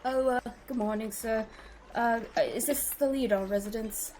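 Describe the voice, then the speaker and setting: A flustered male city guard stumbles through his orders in a tabletop game, his voice pitched up and pushed louder than normal, as a woman game master puts him on. He hesitates constantly and fills the gaps with nervous filler sounds. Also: fairly even intonation, normal speed, a little hiss or hum, lightly acted, poor audio. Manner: hesitant, full of uhs.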